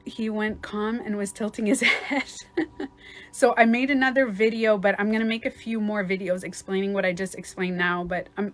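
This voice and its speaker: A woman life coach in a casual livestream talk, chatty and swearing at times, acting out other people's voices. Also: mid-range voice.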